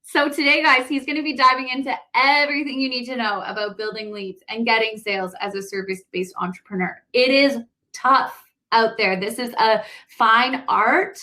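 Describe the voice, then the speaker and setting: A woman's voice: fairly high pitch, fairly even intonation, moderate pace, sharp tone. A woman co-hosting a webinar, enthusiastically introducing the guest in a chatty way. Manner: bubbly, enthusiastic, says "like" and "guys". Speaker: co-host introducing the speaker. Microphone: online video call.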